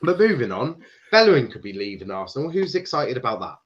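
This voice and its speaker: A man's voice: medium pitch, big pitch swings, fast talker. A man from Ireland hosting a casual football chat, reading out viewer comments, laughing often and restarting sentences. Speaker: podcast host reading chat. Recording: dull lo-fi sound.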